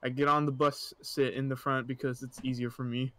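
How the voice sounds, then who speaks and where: A man's voice: mid-range voice, level tone, fairly quick, pushed and bright, no room sound. Stumbling, laughing male storyteller. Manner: laughs often, stumbles over words, mock-insulting asides. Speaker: host reading stories aloud. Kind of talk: casual reading of stories with commentary.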